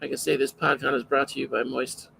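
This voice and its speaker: A man's voice: medium pitch, little pitch movement, brisk, gravelly, noisy background. A man hosting a live podcast alone, chatting casually in a rambling, self-interrupting way. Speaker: podcast host.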